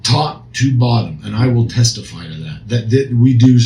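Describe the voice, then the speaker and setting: A man's voice: medium pitch, expressive, normal speed, darkish tone. A man co-hosting a recovery podcast as a counselor, speaking earnestly and emphatically with frequent restarts. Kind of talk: casual discussion. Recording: echoey room, faint noise.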